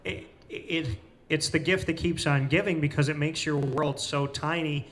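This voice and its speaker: A man hosting a casual interview in a cafe, telling stories with lively retellings of what people said. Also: fairly high pitch, normal speed. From Central New York. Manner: animated storyteller, acts out quoted people. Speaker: host.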